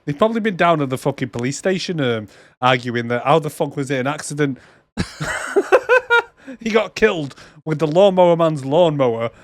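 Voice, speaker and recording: A man with a fairly high voice co-hosts a movie-roast podcast, swearing freely and breaking into laughter. He acts out scenes in put-on voices. His voice is recorded close and dry. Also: animated, normal speed, no room sound. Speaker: podcast co-host. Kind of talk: casual movie-roast chat.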